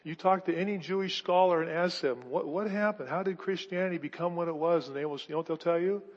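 A high-pitched male pastor delivers a sermon, building to emphatic bursts and peppering it with rhetorical questions. His voice is starting to go hoarse. The sound is slightly dull and carries a long hall reverb. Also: fast talker. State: losing his voice.

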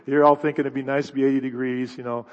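A pastor preaching a sermon with dramatic storytelling and stammered restarts, recorded in a church hall. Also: male voice, mid-range voice, flat delivery, quick pace. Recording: long reverb, dull lo-fi sound.

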